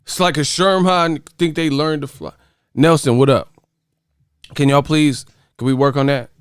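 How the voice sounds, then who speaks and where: A man's voice: fairly high pitch, steady tone, moderate pace, smooth, no echo, studio quality. A man hosting a boxing channel, reacting to his chat in casual, profane, laughing riffs. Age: adult. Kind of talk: casual livestream commentary on chat.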